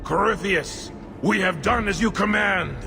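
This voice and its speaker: A shrill, gravelly cultist. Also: male voice, unhurried, full character voice. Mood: zealous. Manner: zealous, reverent. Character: fanatical male cultist, eerie and devoted. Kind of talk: video game voice acting. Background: game music.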